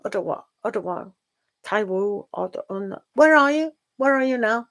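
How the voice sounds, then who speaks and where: A woman's voice: medium pitch, animated, fairly bright tone. A middle-aged woman with a British accent, a tarot reader chatting casually with her live-stream viewers, sighing and laughing as she talks. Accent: British English. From England. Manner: chatty, sighing and laughing, drawn-out slow talk.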